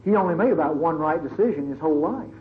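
A man's voice: fairly high pitch, expressive, fast talker. A male preacher giving a sermon in a dramatic, conversational storytelling manner. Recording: tinny phone-like recording, faint hiss.

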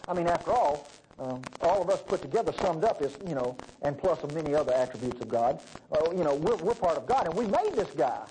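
A man's voice: fairly high pitch, fairly quick, a little hiss or hum, rough recording. A man preaching a sermon, acting out voices in his stories. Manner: folksy, animated, acts out voices in stories.

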